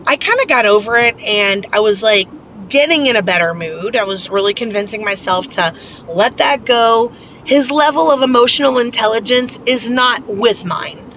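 A woman's voice: a little high, normal speed, fairly bright tone, a little hiss or hum. A woman telling a personal story in a casual, candid vlog, rambling and venting with lots of fillers. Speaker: vlogger.

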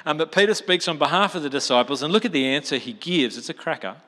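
A man's voice: on the high side, animated, quick pace, pushed and bright. A man preaching a sermon in a chatty, storytelling way, with colloquial asides. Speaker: pastor. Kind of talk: expository sermon. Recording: long reverb of a large hall.

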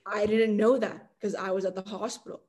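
A young woman from Canada telling stories in a casual interview, chatty and animated, full of "like" fillers and laughter. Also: mid-range voice, a little fast. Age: young adult. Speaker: guest, college football kicker.

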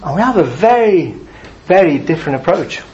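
Chatty preacher, lo-fi recording. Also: male voice, on the high side, fairly quick. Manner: conversational, animated, acts out angry drivers. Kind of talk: sermon. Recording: dull lo-fi sound.

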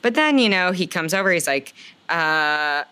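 A woman co-hosting a podcast in casual chat, animated and profane, often quoting her own reactions. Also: lowish voice, normal speed, smooth. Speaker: podcast co-host.

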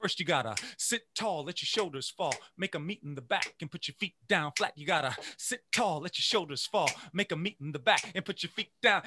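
A man who teaches music, giving an energetic motivational talk to teachers and chanting phrases in rhythm. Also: on the high side, a little fast, few pauses, background noise. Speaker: music educator.

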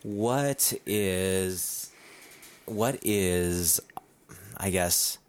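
A man's voice: sits low, extremely slow, slight background noise. A man, a Bible teacher, asking questions thoughtfully in casual conversation, with frequent ums. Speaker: Bible teacher, podcast host.

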